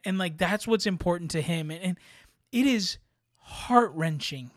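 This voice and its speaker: A man's voice: high-pitched, fairly bright tone, no room sound, clean studio sound. A man co-hosting a podcast, earnestly and passionately praising a film's acting in casual chat. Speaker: podcast co-host. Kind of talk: casual film review chat.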